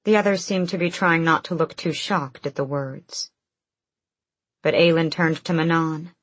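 A woman narrating a fantasy audiobook in a measured, even manner. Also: deep voice, no echo.

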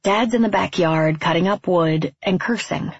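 Husky woman narrating with wry deadpan. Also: fairly low pitch, moderate pace, no echo, lo-fi sound. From California. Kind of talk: first-person audiobook narration.

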